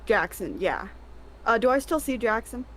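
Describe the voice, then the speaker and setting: A woman's voice: on the high side, animated, normal speed, fairly bright tone. A woman playing a tabletop game who makes wry, joking remarks. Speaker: player. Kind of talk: casual tabletop play. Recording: faint background noise.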